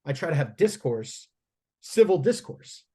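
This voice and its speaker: A man's voice: fairly high pitch, big pitch swings, unhurried, dark tone, breathy edge. A man, a strength coach guest on a podcast, telling stories in a casual, profane and rambling way with frequent restarts.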